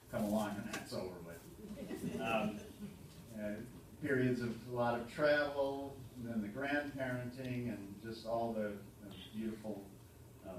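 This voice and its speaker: Low-voiced man joking in an echoey hall. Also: noisy background. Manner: halting, dry humorous storytelling with many ums. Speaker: son giving a birthday tribute. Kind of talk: speech to a party audience. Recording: echoey hall from a distant mic. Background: room ambience and audience laughter.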